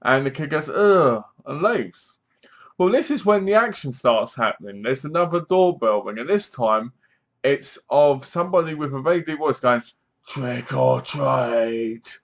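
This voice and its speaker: A man's voice: a little high, expressive, moderate pace, a bit bright. A man giving a casual spoken review of a TV episode, chatty and leaning on "basically" as he recaps. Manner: chatty, keeps saying "basically".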